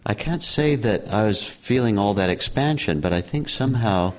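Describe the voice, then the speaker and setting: Older man, very low voice, calm and unhurried storyteller, gently amused; suits a reflective interview. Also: a little hiss or hum. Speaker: meditation teacher.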